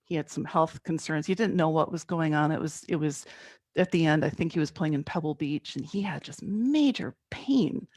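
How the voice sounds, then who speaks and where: A middle-aged woman guest speaker giving a conversational sermon, telling a personal story in an animated way and laughing at herself. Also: low voice, moderate pace, no echo.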